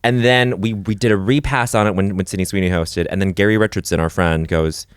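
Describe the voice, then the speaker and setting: A man co-hosting a podcast, chatting casually and telling stories in a quick, excitable way. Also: low voice, clear, resonant tone, no echo, studio quality. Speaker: podcast co-host. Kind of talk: casual chat. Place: podcast studio.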